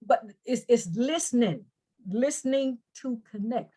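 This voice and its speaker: A woman's voice: a little high, a little slow, warm tone. A woman anger management coach in an interview, explaining earnestly with examples and often repeating words.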